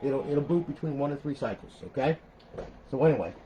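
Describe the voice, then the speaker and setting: A man's voice: medium pitch, lively intonation, fairly quick, dark tone, low-quality recording. Older guy rambling thru a console setup, lots of "okay?", swears some, mid voice, bit of background hiss. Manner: rambling and chatty, peppers lines with "okay?" and "all right", swears. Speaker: console modder showing a build. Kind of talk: casual tutorial walkthrough.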